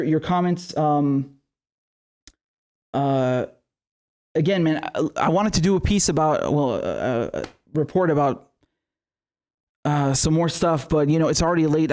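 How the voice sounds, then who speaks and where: A man's voice: a little high, normal speed, a little mellow. A man hosting a live-streamed political commentary show, ranting in a heated, profane way.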